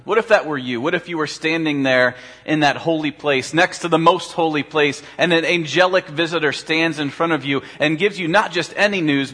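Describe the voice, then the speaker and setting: A man's voice: on the high side, a bit bright. A man preaching a sermon as pastor, talking conversationally and asking his listeners rhetorical questions. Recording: long hall reverb.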